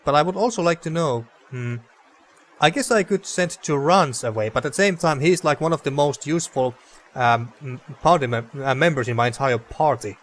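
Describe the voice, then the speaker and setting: Casual man reading game text, stumbling. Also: mid-range voice. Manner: stumbling over words, loose and profane. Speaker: let's play host.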